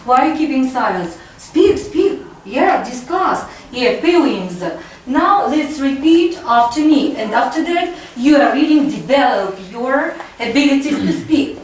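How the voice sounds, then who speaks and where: A woman's voice: sits high, expressive, a little slow, hardly any pauses. A woman teaching English to a class, coaxing pupils with repeated questions. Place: school classroom. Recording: echoey classroom, far-off mic.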